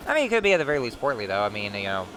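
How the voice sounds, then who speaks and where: A young man giving casual, rambling commentary while playing a video game, with excited outbursts. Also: medium pitch, rapid-fire, background noise. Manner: rambling, many fillers and restarts, excitable outbursts. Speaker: let's play host.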